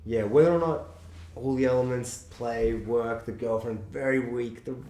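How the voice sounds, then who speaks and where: A man discussing a film in casual chat, swearing freely and acting out quotes in a high voice. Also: steady tone, normal speed, mellow. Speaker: podcast co-host. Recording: echoey room.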